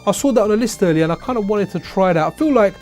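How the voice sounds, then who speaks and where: A man's voice: sits high, lively intonation, very fast, darkish tone, faint music behind. A tired man chatting loosely while he plays old console games on a live stream, rambling and repeating himself. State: tired, yawning. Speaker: streamer playing retro games. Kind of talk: casual live-stream commentary.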